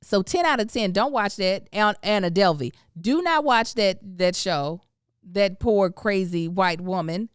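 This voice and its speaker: A woman hosts a casual podcast, her voice smooth and clean at a middle pitch. She is expressive, laughs often and leans on drawn-out words for emphasis. The sound is dry and close, with no room around it. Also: dry recording. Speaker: podcast host.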